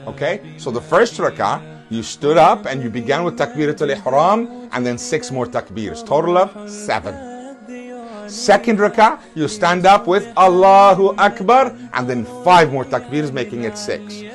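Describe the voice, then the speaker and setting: A man teaching step by step how to pray a prayer at home, calling out the takbirs loud and drawn out. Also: medium pitch, sing-song, moderate pace, soft background music. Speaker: religious teacher. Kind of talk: instructional talk.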